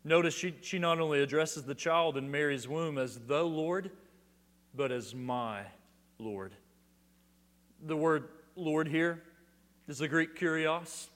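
A middle-aged male pastor preaching a sermon with dynamic swings between loud declarations and hushed emphasis, often repeating words as he restarts a phrase. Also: fairly high pitch. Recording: long hall reverb.

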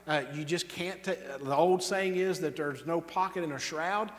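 Preacher man with a higher voice in a reverberant hall. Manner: emphatic, with slow stressed words and quick asides. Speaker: pastor. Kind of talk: sermon.

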